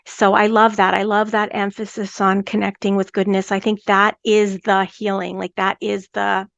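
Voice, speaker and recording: A woman hosts a podcast in an earnest, conversational way, often stumbling and restarting her sentences. Her voice sits at a medium pitch and is recorded dry and close, with no room sound. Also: level tone, moderate pace, gravelly, a bit bright, dry recording, highs cut off. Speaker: podcast host.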